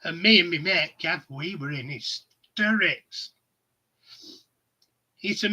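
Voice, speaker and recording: A man's voice: on the high side, takes it slowly, pauses often, bright, forceful tone, breathy edge. A middle-aged man, hosting a casual chat stream and telling anecdotes that he laughs at. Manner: chatty storyteller, laughs at his own anecdotes. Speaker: livestream host.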